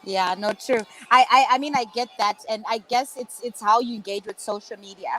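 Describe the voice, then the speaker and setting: A woman's voice: on the high side, a little fast, a bit bright, faint music behind, low-quality recording. A woman moderating a virtual panel discussion over a video call, speaking in an encouraging, conversational way.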